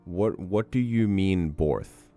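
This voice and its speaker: Low-voiced hoarse man chatting on stream. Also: slow, warm tone, soft background music. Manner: playful, teasing and talkative. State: hoarse, losing his voice. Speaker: livestream host. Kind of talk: casual livestream chat.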